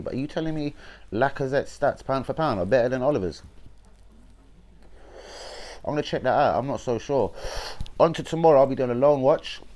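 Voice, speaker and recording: On a fan channel livestream, a young man with a London accent delivers a casual football rant that's blunt, sweary, and packed with slang. His voice sits at medium pitch and is a little mellow.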